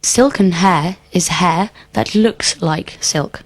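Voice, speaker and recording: Lower-voiced woman reciting drill answers. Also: slow. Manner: answers in full, careful set sentences. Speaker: student in drill. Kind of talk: scripted language drill.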